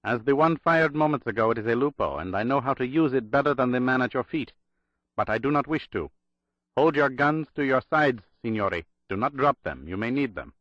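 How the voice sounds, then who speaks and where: A man's voice: medium pitch, animated, brisk, a bit bright, dry recording, muffled recording, voice pushed up, natural voice. A man playing a commanding armed mountain woman. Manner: firm, formal commands.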